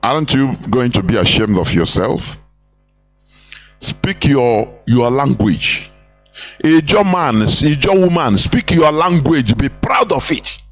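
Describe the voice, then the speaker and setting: Faint music plays behind a medium-pitched, expressive male voice speaking slowly. The Nigerian-accented broadcaster delivers a fervent, sermon-like live talk, echoing his own phrases and moving between English, pidgin, and Igbo.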